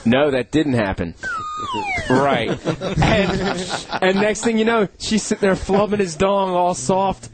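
A man with a high, lively voice swings up and down as he tells crude stories on a radio show. He co-hosts and acts out the people in his stories. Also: slow, over a noisy crowd. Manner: animated storytelling, acts out quotes. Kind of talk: crude casual banter.

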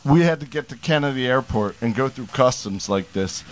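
A man's voice: mid-range voice, animated, normal speed, faint music behind. A man in casual chat, telling a crude travel story in a rambling way, stumbling and repeating words.

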